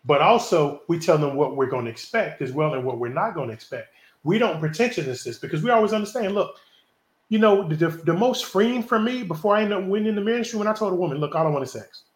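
A man in his forties hosts a casual group chat about relationships as a podcast host, his high voice fast and lively in intonation, with reverb. He's emphatic and preachy, acting out quoted dialogue to drive his point home.

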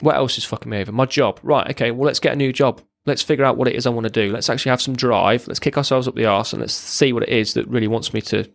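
A man's voice: medium pitch, fairly even intonation, quick pace, creaky, few pauses, no echo. A man, a military veteran, giving a raw, blunt personal account as a podcast guest, swearing freely and often restarting his sentences.

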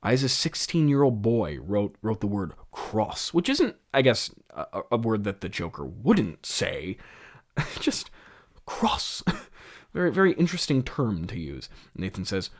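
A man's voice: lowish voice, big pitch swings, moderate pace, few pauses. A young man hosting a podcast, rambling through casual, self-mocking commentary on a script he wrote as a teen, with many restarts and laughs. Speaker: podcast host.

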